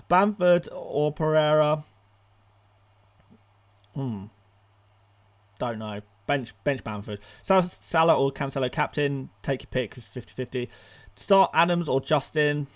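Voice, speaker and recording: A young man hosting a live stream, firing off rapid answers to viewer questions, excitable and laughing often, out of breath at times. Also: on the high side. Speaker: fantasy football streamer.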